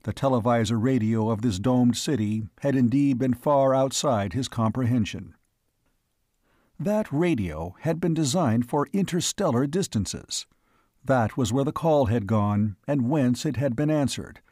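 A man's voice: medium pitch, expressive, a little slow, warm tone, no room sound. Male audiobook narrator, dry close sound. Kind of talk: scripted narration.

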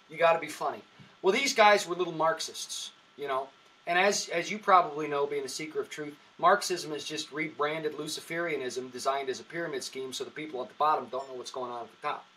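A comedian guesting on a podcast tells long, rambling stories in casual chat, often restarting his sentences. His voice sits high, pushed and bright, and the recording is rough, with a distant mic.

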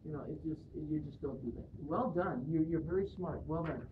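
Hoarse-sounding distant man coaching singers. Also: on the high side, normal speed. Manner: animated, encouraging, demonstrates vocal exercises. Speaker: singing judge. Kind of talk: coaching a barbershop chorus. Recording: echoey room picked up from afar on a lo-fi, noisy device.

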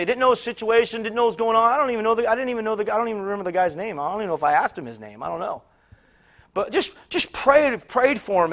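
A man with a high voice preaches to his congregation. He tells a personal story in a loose, rambling way, stumbling over repeated words and acting out the people he met. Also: a bit bright. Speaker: pastor. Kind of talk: sermon storytelling.

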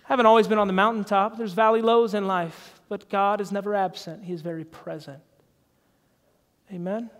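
A male pastor with a high voice tells a personal story from the pulpit, animated and confiding. His words ring out in a long church-hall reverb. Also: fairly quick. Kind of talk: sermon storytelling. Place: church sanctuary.

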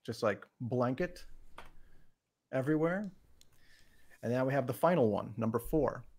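A man with a gravelly, creaky voice leads a casual logic lesson on a live stream. He often restarts his sentences and keeps the tone playful. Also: mid-range voice, animated, unhurried, a little mellow. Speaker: podcast host teaching logic.

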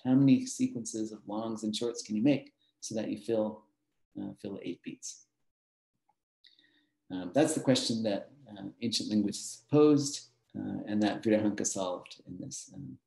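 A gravelly, dark-toned man on the low side talks at a normal speed while giving a master class as a mathematician. His patient explanations are full of fillers and small laughs, captured with a roomy echo.

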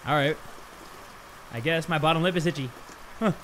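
A man's voice: a little high, normal speed, fairly bright tone, slight background noise. A man hosting a gaming video, giving casual commentary with sudden yelps, swearing and jokey asides.

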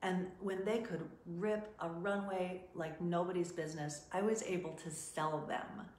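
Middle-aged woman agent teaching about runway, chatty, lowish voice, echoey room. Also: a little slow, a little hiss or hum. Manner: chatty, animated, acts out quotes from clients. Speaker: modeling and talent agent. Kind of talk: casual teaching talk.

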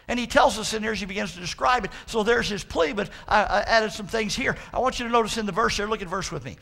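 High gravelly preacher man. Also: bright, forceful tone. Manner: fervent preaching, drawn-out emphatic quotes. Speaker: pastor. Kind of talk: sermon.

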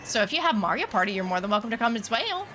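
A woman's voice: a little high, very animated, very fast, fairly bright tone, faint music behind. A woman streaming from home, chatting casually while gaming, ranting heatedly and swearing a lot.

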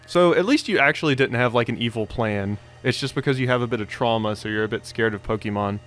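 A man's voice: mid-range voice, fast, fairly bright tone. Brief: casual male let's-play host, mid-range voice, faint game music under him. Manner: chatty, rambling asides with laughs. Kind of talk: casual gameplay commentary.

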